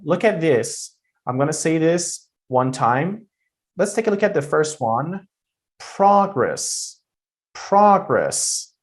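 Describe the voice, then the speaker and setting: A man gives a recorded pronunciation lesson at a middle pitch. He explains patiently and step by step, repeating himself and pausing on fillers. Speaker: pronunciation teacher.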